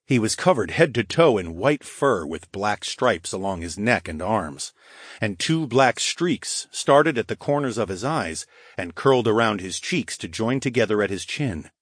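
A man narrating a first-person fantasy audiobook in a gruff, profane, animated way. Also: on the low side, measured pace, no room sound, clean studio sound.

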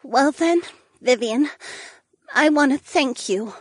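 Audiobook: encouraging woman, voiced by an actress, higher, husky tone. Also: lively intonation, normal speed, dry recording, studio quality. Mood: tender. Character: warm adult woman, proud and encouraging.

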